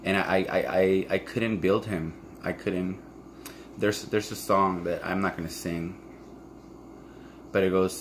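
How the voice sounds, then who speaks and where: A man's voice: low voice, fairly even intonation, measured pace, long pauses, a little hiss or hum. A man talking candidly to camera in a raw, profane, emotional monologue about a past relationship. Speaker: vlogger.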